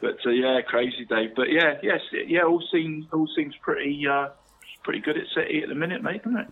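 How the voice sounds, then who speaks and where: A man's voice: a little high, a little fast, slight background noise. Matey man on a tinny phone line. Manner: matey, laughing, says "mate" constantly. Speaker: radio show co-host. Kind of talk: casual chat.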